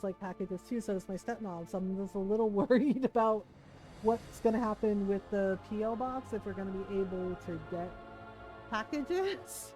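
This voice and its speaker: A woman with a medium-pitched, dark-toned voice streams a video game, chatting casually with her viewers. She rambles, says "um" a lot, and laughs often during the live-stream chat.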